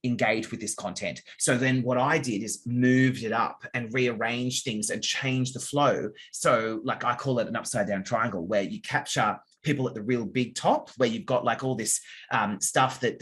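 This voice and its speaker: A man speaking as a copywriter guest in an interview, giving casual answers and explaining with examples, now and then acting out readers' reactions in quick asides. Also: medium pitch, fairly even intonation, a bit bright.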